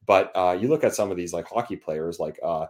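A young Canadian man talking loosely in a casual chat, with a somewhat low voice. He stumbles through restarts and fillers, often breaking into laughter. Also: brisk, darkish tone.

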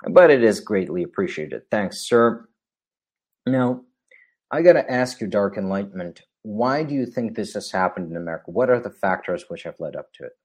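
Low-voiced man hosting a livestream. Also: animated, normal speed. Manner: rambling with frequent fillers. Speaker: livestream show host. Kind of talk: casual livestream chat.

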